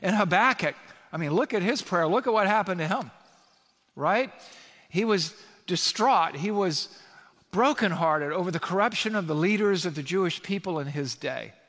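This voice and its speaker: A pastor preaching an animated sermon, reading scripture aloud and building to emphatic peaks. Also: male voice, high-pitched, moderate pace. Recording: long reverb of a large hall.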